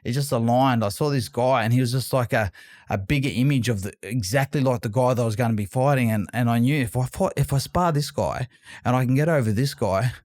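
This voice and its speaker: A former boxing world champion from Australia tells stories as a guest in a casual interview, speaking fairly quickly in a mid-range voice. The clean studio recording has no echo, and his animated, rambling retelling keeps repeating words and restarting.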